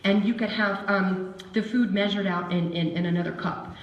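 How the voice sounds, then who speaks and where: Chatty animated woman in echoey hall. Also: medium pitch, normal speed, recorded from a distance, dull audio. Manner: animated and chatty, acts out dog voices. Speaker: dog behavior speaker. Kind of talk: seminar talk to a live audience. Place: seminar hall. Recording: echoey room with faint ambience.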